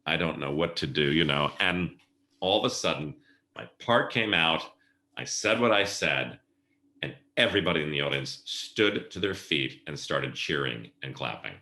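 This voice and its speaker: A man's voice: rumbling low, animated, normal speed, bright, forceful tone. A middle-aged man and podcast guest, telling stories casually and acting out the voices of people he quotes. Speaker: podcast guest, event planner. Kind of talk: casual storytelling interview. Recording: roomy echo.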